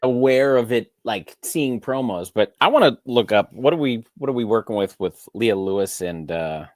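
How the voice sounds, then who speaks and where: A man's voice: medium pitch, animated, normal speed, darkish tone, no echo, studio quality. A man co-hosting a podcast, chatting casually and tossing in wry asides. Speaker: podcast co-host. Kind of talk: casual chat.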